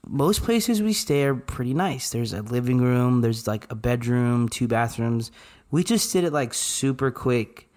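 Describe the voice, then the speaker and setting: A man in his thirties, co-hosting a podcast, telling a family story in a relaxed, matter-of-fact way with dry asides. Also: medium pitch, measured pace. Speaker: podcast co-host. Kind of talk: casual storytelling.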